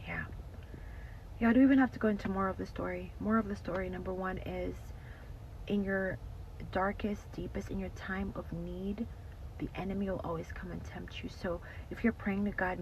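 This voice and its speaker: A woman's voice: fairly low pitch, creaky. Earnest woman sharing a faith testimony. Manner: earnest, repetitive, addresses listeners as y'all; drops to a whisper at emotional moments. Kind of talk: emotional casual testimony. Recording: slightly dull lo-fi audio with faint noise.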